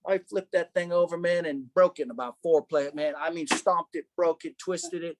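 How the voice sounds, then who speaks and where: A man leading a casual Bible study, animated, asking rhetorical questions and saying "man" a lot. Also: on the high side, normal speed, background noise.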